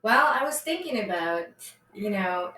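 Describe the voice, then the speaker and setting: A woman asking thoughtful questions slowly in a casual conversation. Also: medium pitch, very animated, bright, forceful tone. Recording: echoey room, distant from mic.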